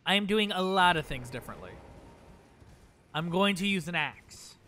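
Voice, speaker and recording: A young man streaming a video game live, reacting excitably, talking to himself and thanking chat. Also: sits high, moderate pace, slight background noise. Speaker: gaming livestreamer. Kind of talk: live gameplay commentary.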